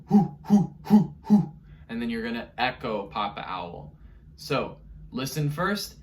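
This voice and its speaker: A man teaching an online music lesson to young children, encouraging them through vocal warm-ups. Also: medium pitch, far from the mic, a little hiss or hum.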